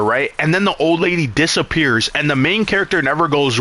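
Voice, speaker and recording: A man's voice: on the high side, lively intonation, fairly quick, hardly any pauses, pushed and bright. A man casually recapping a film while streaming a game, rambling, swearing and exasperated.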